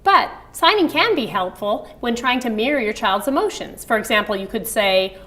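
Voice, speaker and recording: A woman's voice: fairly high pitch, expressive, normal speed, hardly any pauses, sharp tone. A middle-aged woman teaching baby sign language in a friendly online video lesson, acting out parent phrases with a sweet sing-song emphasis.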